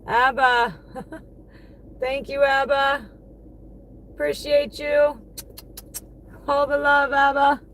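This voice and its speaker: Lady on a live stream, unhurried talk, greets chat by name, bit of car hum behind. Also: high-pitched, little pitch movement, fairly bright tone. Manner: chatty, thanks viewers by name. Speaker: livestreaming delivery driver. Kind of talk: casual livestream chat.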